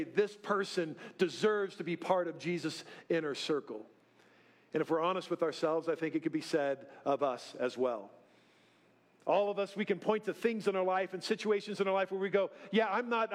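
Middle-aged pastor guy, high voice, folksy self-deprecating sermon, keeps saying right?. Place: church sanctuary.

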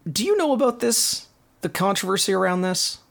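A man's voice: sits high, very animated, a little fast, vocal fry, fairly bright tone. A man hosting a podcast, casually recounting cartoon plots in detail. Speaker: podcast host. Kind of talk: casual cartoon recap chat.

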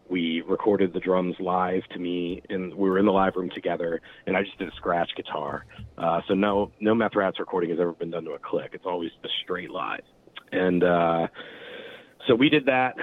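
Guest musician, man, very low voice, rambling and relaxed, phone-quality audio. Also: moderate pace. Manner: rambling, filler-heavy, relaxed storytelling. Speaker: band member guest. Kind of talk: casual interview talk. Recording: phone-like narrow sound.

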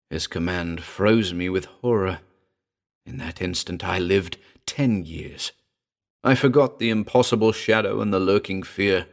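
A man with a very deep voice reads a first-person horror story aloud. His tone is grave and measured, with a gravelly texture running through his low notes. He paces the tale slowly and keeps it dark and serious. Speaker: narrator. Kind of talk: dramatic horror story reading.

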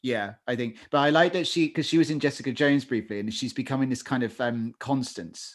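A man co-hosts a podcast in a brisk, medium-pitched voice. His casual chat is full of fillers and self-corrections.

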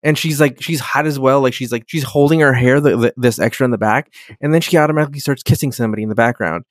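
A man's voice: medium pitch, fast talker, dry recording, studio quality. Rambling, swearing man recapping a show. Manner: rambling, swears often, acts out characters' lines. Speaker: podcast co-host. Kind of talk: casual chat recapping a TV episode.

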